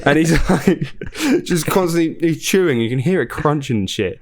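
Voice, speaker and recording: A man's voice: on the high side, normal speed. Laughing man telling a story. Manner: animated storytelling, frequent laughter and swearing. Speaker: podcast co-host. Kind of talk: casual chat.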